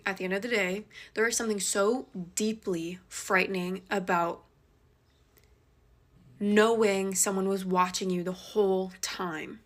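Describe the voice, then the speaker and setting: A young woman telling a personal story in a casual, animated way, racing through some parts and slowing down for emphasis, recorded close on a phone. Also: medium pitch. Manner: animated and dramatic, shifting between fast rushes and slow emphasis.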